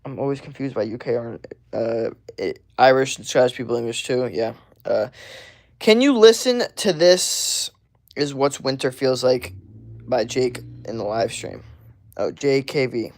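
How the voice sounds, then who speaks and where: A man in a relaxed live-stream Q&A, tossing out slangy, offhand replies as he reads viewer comments aloud. His voice sits at an ordinary middle pitch, and the talk rambles along casually. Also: normal speed, vocal fry.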